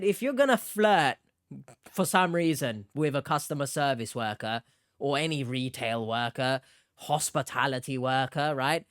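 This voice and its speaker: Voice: mid-range voice, dry recording, studio quality. A commentator giving blunt, exasperated reaction commentary, lecturing the viewer.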